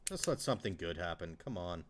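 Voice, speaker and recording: A man's voice: sits low, lively intonation, quick pace, noisy background. A man co-hosting a casual live stream, dry and exasperated as he reacts to a game. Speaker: podcast co-host. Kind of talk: casual live-stream chat about baseball.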